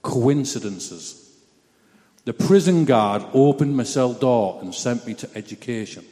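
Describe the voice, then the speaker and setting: A man's voice: mid-range voice, lively intonation, unhurried, mellow. Man telling his story, reverberant hall. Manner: chatty, blunt, self-mocking storyteller. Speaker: speaker giving a personal testimony. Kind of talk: conversational storytelling testimony.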